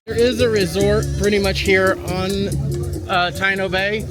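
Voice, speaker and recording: A travel agent strolls around a cruise port's outdoor shopping area, chatting casually for his travel vlog and pointing things out with upbeat asides. His high-pitched voice stays steady and unhurried over loud music.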